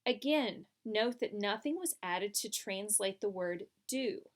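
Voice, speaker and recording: A woman's voice: medium pitch, animated, slow. A woman teaching a French lesson, explaining patiently step by step over slides. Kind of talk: recorded classroom lesson.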